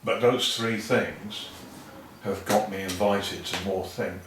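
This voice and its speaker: A man's voice: deep voice, steady tone, takes it slowly, background noise. Chatty man telling stories. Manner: chatty, swears casually, acts out other people's lines. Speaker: guest saxophonist. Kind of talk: casual anecdotal storytelling. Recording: echoey room, mic far off.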